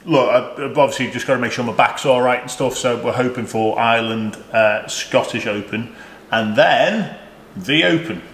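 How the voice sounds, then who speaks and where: A man, a golfer, chatting casually in a relaxed, dry, understated way. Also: mid-range voice, normal speed. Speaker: professional golfer, guest. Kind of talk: casual chat. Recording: roomy echo, faint background.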